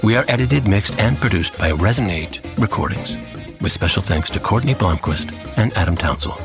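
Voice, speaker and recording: A man doing a deep, gravelly late-night announcer who croons the credits slowly and seductively. His low voice sits over clear background music. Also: lively intonation. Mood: crooning. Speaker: podcast co-host reading credits. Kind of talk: mock-seductive credits read.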